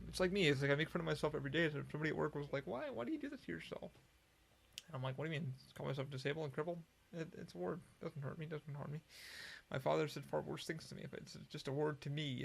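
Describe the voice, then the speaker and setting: A gravelly-voiced man rambles through a solo podcast, hopping from one thought to the next and swearing freely. His voice sits a little high for a man, and he stumbles and restarts his sentences as he goes. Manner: profane, rambling, restarts often. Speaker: podcast host.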